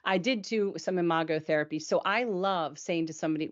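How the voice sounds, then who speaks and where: A woman's voice: fairly low pitch, fast talker, hardly any pauses, lo-fi sound. A woman in a candid conversational chat, talking at length in a reflective way and often checking in with "right?". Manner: reflective, talks at length with frequent "right?" and "you know". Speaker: co-host of a patient support show.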